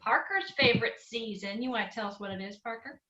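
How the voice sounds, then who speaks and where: A woman's voice: on the high side, fast talker, sharp tone, echoey room, muffled recording. A woman co-hosting a recreation program over a video call, upbeat and encouraging as she calls on participants by name.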